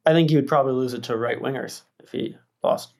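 Gravelly man pushing back skeptically. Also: mid-range voice, fast, a little mellow. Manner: hesitant restarts, skeptical pushback. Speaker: podcast host. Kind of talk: casual policy debate.

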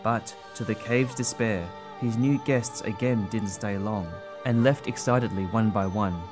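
Guy reading a story aloud, gentle and expressive, lowish voice. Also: a little slow, over music. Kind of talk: storybook narration.

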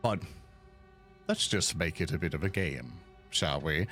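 A man voicing a formal, scheming male noble who speaks in a low, measured tone. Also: fairly bright tone, faint music behind.

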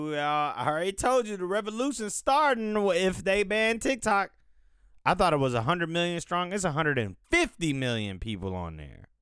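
A man from the United States rambling through casual commentary, thinking aloud and swearing freely. His voice is smooth and resonant, and he takes his time with each thought. The sound is close and dry, with no room echo. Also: fairly high pitch, a bit bright. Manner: loose, profane, thinking aloud. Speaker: podcast host.

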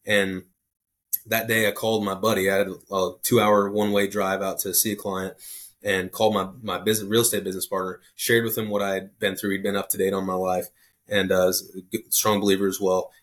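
Low-voiced man telling a faith story. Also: little pitch movement, a little fast, fairly bright tone. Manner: rambling, full of restarts and "right?" asides. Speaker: podcast guest sharing testimony. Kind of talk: casual storytelling.

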